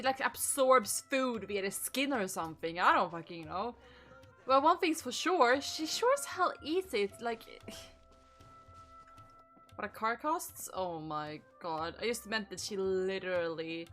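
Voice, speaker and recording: A woman streamer doing casual let's-play commentary, talking in a profane, animated and joking way. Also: a little high. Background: game music.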